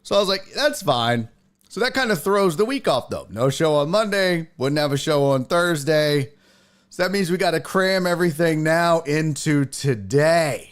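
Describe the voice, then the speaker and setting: Animated profane sports show host, man. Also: on the high side. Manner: animated, profane, jumps between tangents with quick asides. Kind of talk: casual chat.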